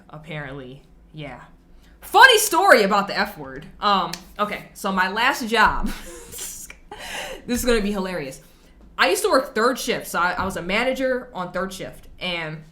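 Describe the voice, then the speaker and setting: A woman hosting her own reaction video. She tells stories casually in slang and with emphasis. Her voice is bright and forceful, and it swings widely in pitch. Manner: animated storytelling, slangy and emphatic.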